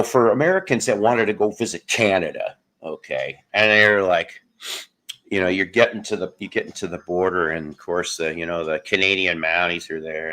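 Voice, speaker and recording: A man's voice: deep voice, pushed and bright. A man in his fifties hosting a casual livestream, rambling through jokes and greeting viewers by name as he talks. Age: 50s. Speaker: livestream host.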